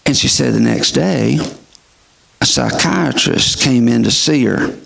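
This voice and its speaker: A man's voice: mid-range voice, unhurried, vocal fry, a bit bright. A middle-aged male pastor who preaches a sermon and asks his listeners emphatic questions. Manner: emphatic, rhetorical questioning of the audience.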